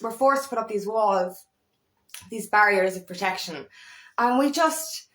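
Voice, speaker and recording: A woman, a coach talking casually in a rambling, animated way and swearing freely. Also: medium pitch, a little slow. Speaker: feminine empowerment coach. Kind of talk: casual monologue. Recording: echoey room.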